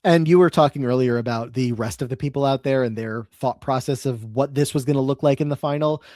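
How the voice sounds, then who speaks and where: A man's voice: mid-range voice, brisk, dark tone, no echo, studio quality. A man co-hosting a podcast, recapping events in a casual way with frequent ums and uhs. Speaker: podcast co-host.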